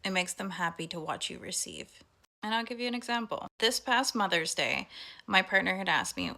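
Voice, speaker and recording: A woman's voice: medium pitch, expressive, normal speed, gravelly, bright, forceful tone. A young adult woman talking through a heartfelt personal monologue, chatty and full of fillers. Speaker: vlogger.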